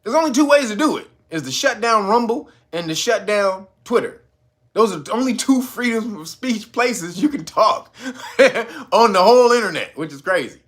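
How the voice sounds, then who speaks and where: Man, high lively voice, bright tone, laughs a lot, swears freely, casual commentary. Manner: laughs often, profane, animated; mocks a stiff, slow talker in a low voice. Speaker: channel host.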